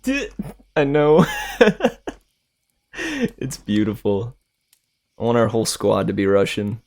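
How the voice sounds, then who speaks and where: A male streamer and voice actor chatting casually with viewers, relaxed and slangy, laughing often. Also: lowish voice, slow pace, gravelly.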